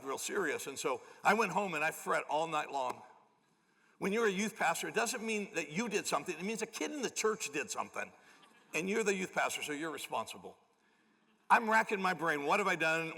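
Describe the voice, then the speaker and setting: Gravelly pastor in a reverberant church. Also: male voice, on the high side. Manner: animated, self-deprecating storyteller. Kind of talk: storytelling sermon. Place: large church auditorium. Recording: long church hall reverb.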